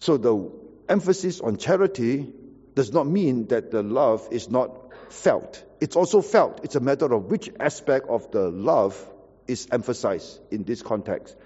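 A pastor preaching a sermon, explaining scripture and repeating key words for emphasis. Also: male voice, mid-range voice, animated, measured pace, warm tone, breathy edge, long reverb tail, lo-fi sound.

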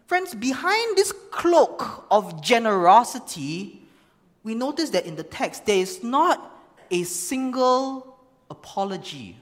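Expressive preacher, animated delivery, reverberant hall. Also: medium pitch, takes it slowly. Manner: expressive Bible reading and explaining. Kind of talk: sermon. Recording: long reverb of a large hall.

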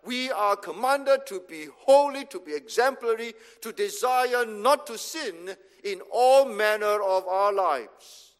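A man from Singapore preaching a sermon as pastor, emphatic and measured, repeating phrases for stress. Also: sits high, lively intonation. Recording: long reverb of a hall.

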